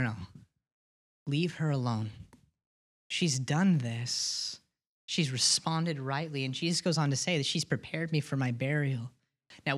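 With a deep, slightly bright voice, a woman pastor preaches an earnest sermon. She often restarts and repeats words, and she poses questions to the congregation.

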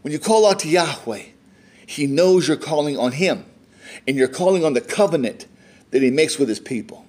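A man's voice: a little high, expressive, normal speed, a little mellow. Conversational American man preaching a sermon. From United States. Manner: conversational preaching, reading scripture aloud with voiced quotes. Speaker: pastor.

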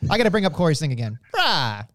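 A man co-hosting a casual wrestling podcast, excitable and jokey, often poking fun at himself. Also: sits high, fast, smooth, no echo. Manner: excitable, jokey, self-mocking. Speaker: podcast co-host.

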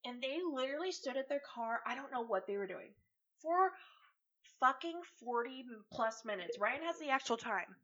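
A woman co-hosting a podcast, telling a family story in casual chat, animated and swearing freely as she acts out quotes. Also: high-pitched, moderate pace, highs cut off. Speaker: podcast co-host.

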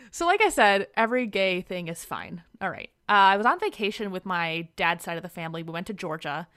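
A woman's voice: mid-range voice, lively intonation, normal speed, a bit bright, clean tone. A young woman, a guest in an interview, telling personal stories in a chatty way with frequent laughter and lots of "like". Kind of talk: casual storytelling interview.

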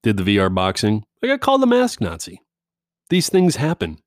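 A man hosts his show and tells a story in a loose, profane way, laughing as he goes. His pitch jumps around a lot. The sound is dry and close. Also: a little fast, dry recording. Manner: profane, animated, laughs often. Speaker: podcast host. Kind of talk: casual storytelling monologue.

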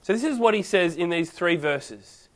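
A man delivering a sermon in a relaxed, story-driven way. His voice sits high for a man. He keeps it conversational and lively. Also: normal speed. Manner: casual, animated storytelling. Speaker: preacher.

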